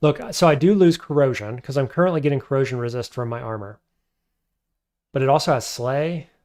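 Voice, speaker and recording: A man's voice: medium pitch, brisk, darkish tone. A man streaming a game, thinking aloud as he weighs his options and answers chat. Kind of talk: casual live-stream commentary.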